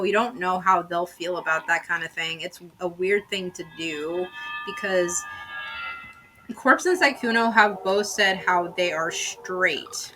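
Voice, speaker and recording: Slow-talking bright-voiced woman streaming. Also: lowish voice, slight background noise. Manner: swearing, exclaiming, rambling asides; shrieks when shocked. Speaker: streamer drawing and chatting. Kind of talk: casual stream chat while drawing. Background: faint music.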